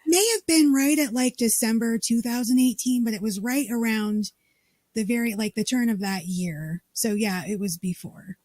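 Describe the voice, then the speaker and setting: Animated storytelling woman from Colorado. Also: fairly high pitch, normal speed, no echo. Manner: animated storyteller acting out quoted dialogue. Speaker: state party chair, guest. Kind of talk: casual storytelling interview.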